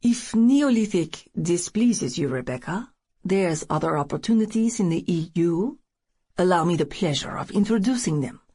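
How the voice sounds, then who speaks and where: A woman voicing a thin, entitled, wealthy European businessman in an audiobook, speaking smoothly and condescendingly. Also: fairly low pitch, lively intonation, moderate pace, mellow, dry recording, clean studio sound. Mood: ingratiating. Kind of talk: audiobook character voice.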